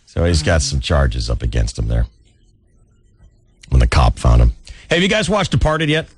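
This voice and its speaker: A man hosting a radio show, chatting casually and telling stories in a wry way with animated asides. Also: extremely low pitch, normal speed, slightly rough, no echo. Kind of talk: casual morning-show banter.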